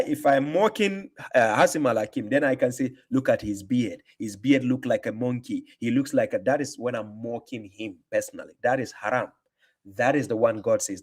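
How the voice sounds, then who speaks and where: A man's voice: medium pitch, a little mellow. Combative male streamer. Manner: combative, mocking, repeats himself for emphasis. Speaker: livestream host answering comments. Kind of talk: casual livestream talk.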